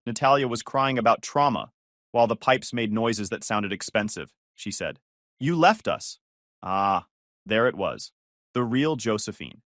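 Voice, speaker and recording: A man giving a sardonic, deadpan first-person story narration into a close mic. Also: on the low side, moderate pace, no room sound.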